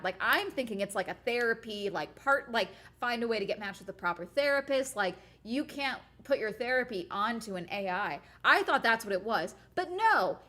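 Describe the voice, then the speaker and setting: A woman's voice: a little high, lively intonation, normal speed, a bit bright. A young woman from the United States chatting casually on a livestream, rambling and sarcastic as she talks to her chat. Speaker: streamer.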